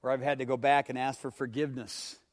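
A man preaches a sermon in a mid-range voice, talking fast with a level tone. He swings between hushed phrases and loud, emphatic ones and asks his listeners questions.

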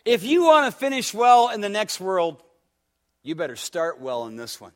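Male pastor, high-pitched and highly animated sermon delivery full of rhetorical questions. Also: normal speed. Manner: preaching with rising fervor, rhetorical questions; acts out a story with quoted dialogue.

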